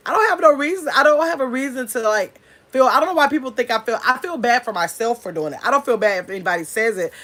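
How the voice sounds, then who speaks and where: A middle-aged woman talks straight to her viewers in a blunt, chatty way and keeps calling them y'all. Her voice sits a little higher than most women's. She's running her own channel in an unscripted, casual vlog. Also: fairly bright tone. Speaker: channel host. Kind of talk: casual talk to camera.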